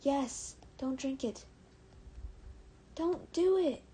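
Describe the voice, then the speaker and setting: Young American woman, warm mellow tone, casual read-aloud streamer who stumbles, giggles and whispers now and then. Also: high voice, drawn-out words, rough recording. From United States. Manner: stumbles over words, giggles, drops into soft whispers. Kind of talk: reading fan fiction aloud on a livestream.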